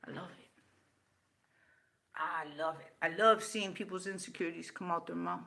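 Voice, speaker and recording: A woman's voice: fairly low pitch, normal speed, a bit bright, a little hiss or hum. A woman in her fifties hosting a livestream, talking bluntly, swearing freely and answering viewer comments. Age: 50s. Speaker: livestream host. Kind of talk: unscripted livestream talk.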